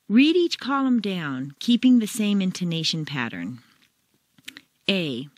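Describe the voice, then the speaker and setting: A woman with a lowish voice leads pronunciation drills, speaking slowly and deliberately. Her intonation swings broadly up and down on every phrase. The sound is close and dry, with no room echo. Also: expressive, slightly rough. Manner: slow, exaggerated rising and falling intonation in drills. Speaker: pronunciation teacher. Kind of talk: scripted accent drill narration.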